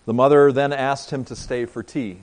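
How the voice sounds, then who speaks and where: A pastor giving a sermon, telling a story and talking directly to his congregation. He moves between emphatic lines and quiet asides. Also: medium pitch, fairly even intonation, moderate pace.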